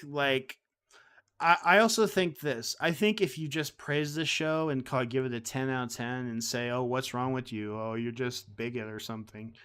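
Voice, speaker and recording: A man's voice: medium pitch, a bit bright, smooth. A man hosting a live stream, talking casually in a rambling, heated way with many restarts. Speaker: streamer host.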